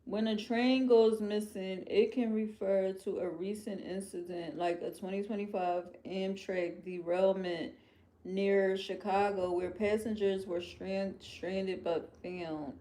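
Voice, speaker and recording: A woman with a Philadelphia accent hosts a livestream, reading viewer comments aloud while chatting casually and expressively, calling viewers "y'all" and "girl." Her voice is mid-range and her pace slow.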